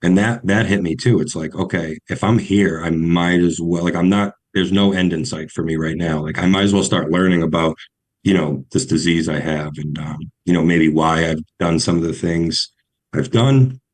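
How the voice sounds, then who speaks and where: A young man with a New England accent telling his recovery story on a podcast, halting and full of restarts. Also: sits low. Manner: halting, many ums and restarts.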